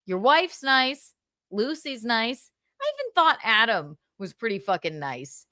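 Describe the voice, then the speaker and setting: Bright-voiced woman ranting, swearing. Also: a little high, big pitch swings, measured pace, no room sound. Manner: heated, swearing, repeating herself, sudden loud bursts. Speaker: livestream host. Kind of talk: angry gossip rant on a livestream.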